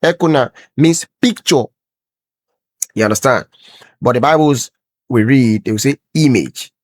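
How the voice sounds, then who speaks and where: A man's voice: medium pitch, measured pace, dry recording. A man teaching a Bible lesson over a screen share, repeating words and explaining bit by bit.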